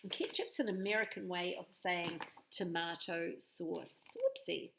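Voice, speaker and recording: A woman's voice: fairly low pitch, fairly even intonation, measured pace, gravelly, background noise. A woman reading a picture book aloud to children, playful and inviting them to join in. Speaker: storyteller.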